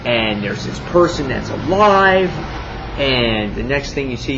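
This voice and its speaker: A man's voice: mid-range voice, sing-song, measured pace, muffled recording, noisy background. A man giving a casual comic book review, enthusiastic and rambling, full of fillers and acted-out quotes.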